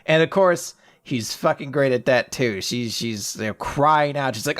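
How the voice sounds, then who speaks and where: A man's voice: mid-range voice, unhurried, few pauses. A man chatting casually on a podcast, retelling scenes with lots of laughter and swearing. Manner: animated retelling, acting out characters' lines, laughing often. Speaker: podcast co-host. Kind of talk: casual comic chat.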